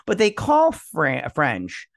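A man's voice: a little high, wildly swooping pitch, takes it slowly, vocal fry, a bit bright, dry recording, clean studio sound. A man co-hosting a podcast, chatting casually and profanely about a movie, rambling with lots of restarts and fillers. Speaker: podcast co-host. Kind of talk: casual movie review chat.

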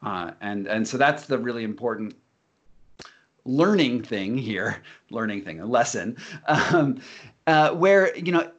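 A man explaining ideas in casual talk, animated and often repeating words as he restarts. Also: mid-range voice, a little slow, muffled recording.

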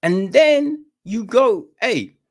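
A man holds forth on a podcast in loose, opinionated chat, his voice swooping up and down as he goes. He swears often and slips into quick acted-out exchanges to make his points. His voice sits at an ordinary middle pitch. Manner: animated, profane, acts out little dialogues. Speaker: podcast co-host.

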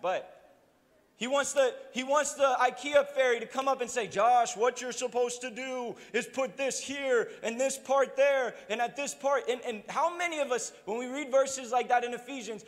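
A man's voice: high voice, a bit bright. A young adult man preaching a sermon as pastor, casual and humorous, with joking asides to the congregation. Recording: long hall reverb.

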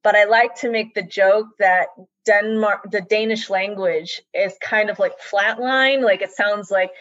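A woman's voice: mid-range voice, steady tone, unhurried, fairly bright tone, no room sound. Woman, hesitant, reflective, casual interview, dull dry audio. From United States. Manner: hesitant, many restarts and likes, reflective. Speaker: interview guest. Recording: dull, slightly muffled dry sound.

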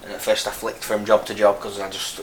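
In an echoey room with faint noise, a man in his thirties from Burnley, northern England, talks in a Lancashire accent. His lowish, slightly bright voice is monotone and fairly quick. As an army veteran guest in a casual interview, he tells his story frankly, rambling with many restarts.

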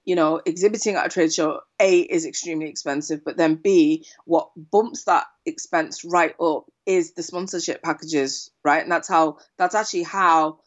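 A woman's voice: low-pitched, moderate pace, hardly any pauses, lo-fi sound. A woman copywriter guest chatting casually in an interview, telling stories with lots of "right?" tags. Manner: animated storyteller, frequent "right?" tag questions.

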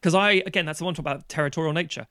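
A man's voice: fairly high pitch, very fast, pushed and bright, dry recording. Sweary man ranting, dry sound. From London, England. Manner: ranting and sweary, acting out quoted people. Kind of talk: casual chat.

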